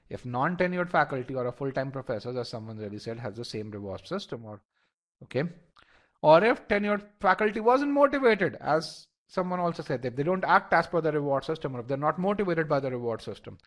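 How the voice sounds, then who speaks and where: A man's voice: fairly high pitch, a bit bright. A man leading a live online test-prep lesson, talking straight to his students with frequent repeated words and restarts. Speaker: instructor.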